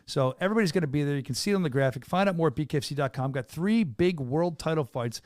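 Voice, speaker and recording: A man hosting a casual podcast from a small studio, talking with an excitable hype-man energy. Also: a little high, fast, dry recording. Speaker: podcast host and venue announcer.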